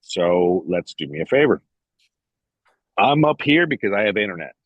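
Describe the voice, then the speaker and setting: A man with a low, husky voice tells a long, rambling story in casual podcast talk, swearing freely and acting out both sides of old conversations. The sound is dry and close, but a little dull. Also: big pitch swings, moderate pace, fairly bright tone, no echo. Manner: profane, rambling, quotes others in dialogue. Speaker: podcast guest.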